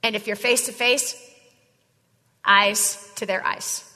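A woman running a live sales coaching session, emphatic, driving home each point with a quick "right?" or "okay?". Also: mid-range voice, steady tone, bright, forceful tone. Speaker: sales trainer. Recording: long hall reverb.

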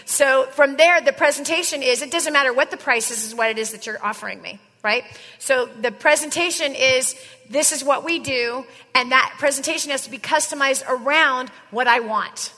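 High bright-voiced woman coaching sales. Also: moderate pace. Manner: emphatic, drills points with repeated "right?" and "okay?". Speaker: sales trainer. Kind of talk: live sales coaching session. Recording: long hall reverb.

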